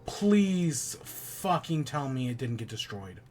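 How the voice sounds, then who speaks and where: A podcast host plays a game while chatting casually, grumbling, swearing and muttering in frustration. His medium-pitched voice is very animated yet slow and slightly mellow.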